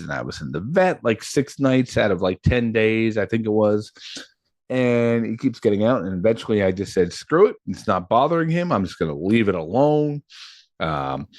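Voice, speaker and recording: Animated, expressive male podcast co-host. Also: lowish voice, no room sound, clean studio sound. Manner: animated storyteller, acts out quotes, laughs often. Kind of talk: casual podcast chat.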